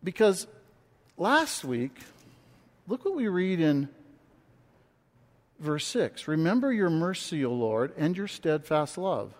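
A man preaching a sermon, reading scripture and speaking with passion that builds to near shouts. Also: a little high, very animated, takes it slowly, pauses often. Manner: impassioned, rising to shouts when quoting. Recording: long hall reverb.

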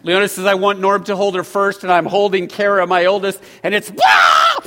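A middle-aged male pastor preaching a sermon, swinging from loud emphatic lines to hushed ones. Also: high-pitched, level tone, brisk. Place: church sanctuary. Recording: long hall reverb.

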